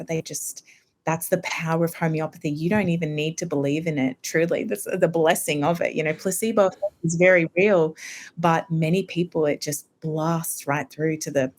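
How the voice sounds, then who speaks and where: Podcast guest, woman, low voice, rambling anecdotal delivery. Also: normal speed. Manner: animated storytelling, many fillers like "you know". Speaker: homeopath guest. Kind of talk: casual podcast conversation.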